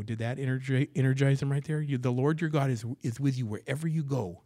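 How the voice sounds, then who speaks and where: A man delivering a sermon from the pulpit of a church. His voice sits at an ordinary middle pitch, and his delivery swings hard, climbing loud and high on emphatic words, then dropping low and hushed to drive a point home. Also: fairly quick, hardly any pauses. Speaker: pastor. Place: church sanctuary.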